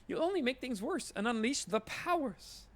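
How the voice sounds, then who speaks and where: A man voicing a nervous, superstitious female bookshop owner who pleads in a shrill, flustered way. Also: big pitch swings, normal speed, fairly bright tone, full character voice. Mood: panicky pleading.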